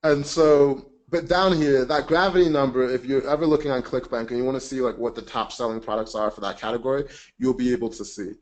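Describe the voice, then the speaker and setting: A man's voice: medium pitch, steady tone, fairly quick, few pauses. A man presenting a casual teaching webinar, chatty and emphatic, joking about himself.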